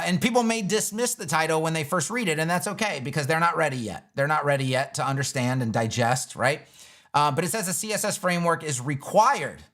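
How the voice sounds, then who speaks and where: A man answers viewer questions on a casual livestream in an animated, emphatic way. His voice sits fairly high, and he swears casually. He slips into quick mock voices of frustrated users as he goes. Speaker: web design educator and livestream host.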